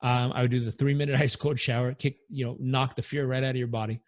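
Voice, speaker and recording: An earnest, energetic man speaks as a coach in an interview, his voice sitting at a middle pitch. The recording is close and dry, with no room sound. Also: fast talker, no echo. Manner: earnest, energetic, leads breathing exercise aloud. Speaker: performance coach guest. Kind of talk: podcast interview answers.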